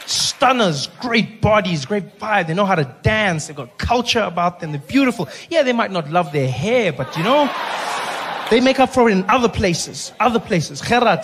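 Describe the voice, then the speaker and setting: A man with a South African accent doing live stand-up comedy. He talks in an animated way, with big swings in his voice as he acts out characters. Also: high voice. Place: stage before a live audience. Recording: live club recording with crowd noise and laughter. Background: audience laughter.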